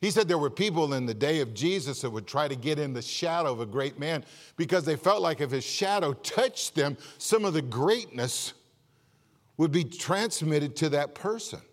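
A man pastor preaching a sermon, telling a joke-filled story in a lively way and often repeating words. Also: a little high, normal speed, big-room sound. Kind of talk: sermon with jokes. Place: church.

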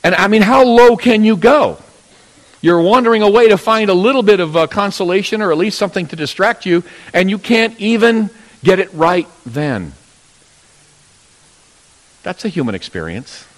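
Guy preaching, slightly high voice, acts out the bible bits, lots of hall echo. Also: lively intonation, normal speed. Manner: storytelling, acting out voices of biblical figures with sudden loud rises. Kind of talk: sermon. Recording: long hall reverb.

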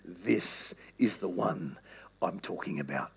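A man preaching who voices a solemn male prophet in a slow, hushed and reverent way. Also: low-pitched, animated, gravelly, slightly rough, voice pushed down, heavily acted. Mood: hushed awe.

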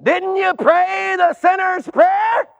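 A brusque male gatekeeper at the gates of heaven, put on by a preacher, firing questions in a very high, strained voice that often breaks into shouting. The sound is dull and muffled, with a long hall reverb trailing behind each line. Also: slow pace, gravelly, full character voice. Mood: interrogating. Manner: loud, incredulous, interrogating.

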